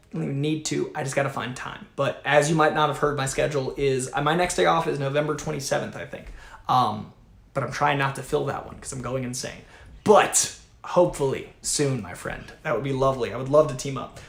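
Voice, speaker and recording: Echoey, energetic male livestream host. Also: fairly high pitch, vocal fry. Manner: energetic, profane, chatty. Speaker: host reading viewer super chats. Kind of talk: casual livestream chat. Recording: echoey room.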